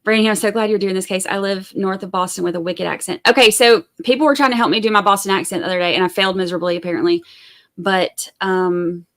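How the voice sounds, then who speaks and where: A woman chats loosely with her stream viewers, wandering through asides and fillers. Her voice sits at a middling pitch with a gravelly, creaky texture. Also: fairly even intonation, quick pace. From Georgia. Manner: chatty and rambling, full of fillers and asides. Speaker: true crime live stream host. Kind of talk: casual live-stream chat with viewers.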